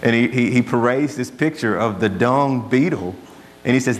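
A man's voice: mid-range voice, moderate pace. A man preaching a sermon as pastor, earnest and conversational, telling stories to make his point. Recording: long hall reverb, faint hum.

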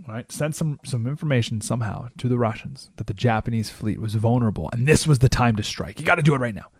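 A male talk radio host with a gravelly edge and a pitch that climbs and dips as he tells his stories. His voice sits fairly high, and the sound is close and dry. He keeps checking in with rhetorical questions. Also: fast talker, dry recording. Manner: animated storytelling with frequent rhetorical "right?"; acts out quoted voices.

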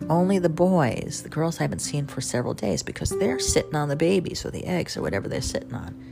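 A chatty radio host with a Southern accent and a very low voice that swings up and down a lot. Her tone is gravelly, and she wanders from story to story with self-mocking asides while music plays clearly underneath. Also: very animated, quick pace. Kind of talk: casual storytelling monologue.

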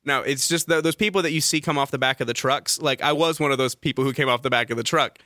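A young man from Georgia, a tour guide, telling stories in a lively, playful way, with a toned-down Southern accent. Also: mid-range voice, quick pace, no room sound, studio quality. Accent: neutralized Southern US. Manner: animated, playful, acts out quoted voices. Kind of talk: casual storytelling chat.

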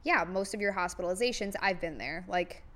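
A woman's voice: lowish voice, brisk, fairly bright tone. A woman talking frankly in a casual podcast chat, with lots of fillers.

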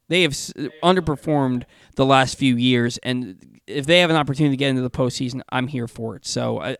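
A man hosting a sports talk radio show, animated and stumbling over his words, on a studio mic. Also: medium pitch, dry recording.

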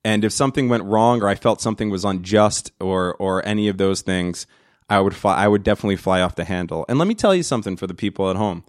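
A man's voice: fairly low pitch, fast, no room sound, studio quality. A man in his late thirties hosting a podcast, ranting in a profane, rambling, mock-dramatic way. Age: 30s. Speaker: podcast host. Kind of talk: comedic rant. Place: studio.

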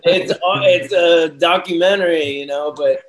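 A man's voice: fairly high pitch, fairly even intonation, moderate pace. A man talking casually with friends, rambling with many fillers and laughing at his own stories. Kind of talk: casual podcast chat.

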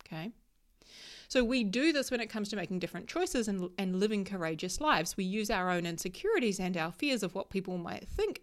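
Emphatic woman coaching her listeners. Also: on the low side. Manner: emphatic, coaching, frequent "right?" check-ins. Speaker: solo travel coach. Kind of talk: motivational talk to listeners.

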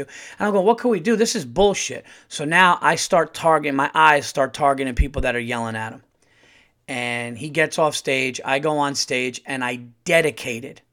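A man who is a comedian and podcast host, telling stories in a casual, profane monologue that climbs to loud outbursts when he gets heated. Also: a little high. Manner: animated, profane, rising to shouting when heated.

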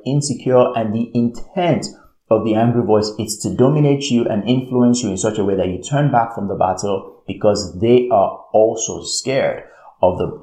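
A man's voice: fairly low pitch, mellow. A man preaching a sermon in an emphatic way, repeating his phrases and often checking in with "all right". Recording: roomy echo.

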